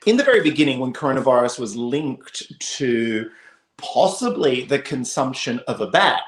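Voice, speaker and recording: A man's voice: medium pitch, expressive, normal speed. A man co-hosting a casual chat show, emphatic and swearing freely. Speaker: co-host. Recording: roomy echo.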